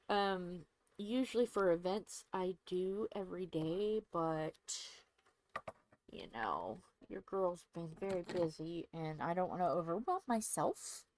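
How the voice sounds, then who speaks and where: A middle-aged woman from Indiana, chatting casually to her viewers while doing a craft, rambling and growing soft when sad. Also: on the low side, a little hiss or hum, poor audio. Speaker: crafting channel host. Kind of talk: casual chat to viewers while diamond painting.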